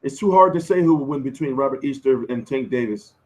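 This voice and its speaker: Hoarse man chatting boxing on a stream. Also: mid-range voice, expressive, brisk. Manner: loose, profane, slangy banter answering chat. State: losing his voice. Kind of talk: casual live-stream chat.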